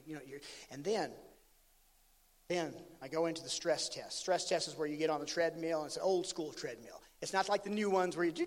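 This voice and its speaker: A man with a high-pitched voice delivers a sermon. He tells a story with lively swings between loud outbursts and quiet asides. His voice rings with the long reverb of a big hall. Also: fast. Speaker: pastor.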